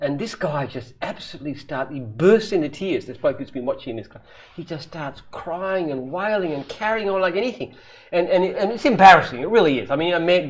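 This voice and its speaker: Company founder, casual Q&A guest, fairly high voice, animated and laughing as he tells jokes. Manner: animated joke-telling with frequent laughs. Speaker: company founder answering questions. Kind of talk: casual live Q&A chat.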